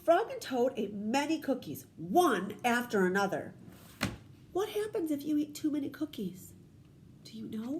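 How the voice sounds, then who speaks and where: A woman teacher in her thirties, leading a children's read-aloud lesson. She asks questions and encourages, with a high voice that swings widely. A faint hum of background noise sits under her voice. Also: a little mellow.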